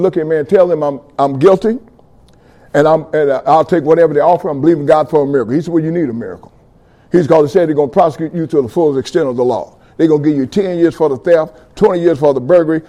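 A middle-aged man giving a fervent testimony sermon, calling out to his audience and building to loud passages. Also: fairly high pitch. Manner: call-and-response with audience, rising fervor.

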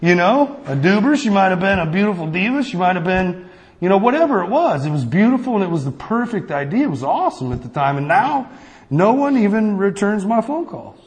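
A man preaching a sermon in a casual, conversational way, often checking in with the listeners with a quick "right?". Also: high voice, big pitch swings. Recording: long reverb of a hall.

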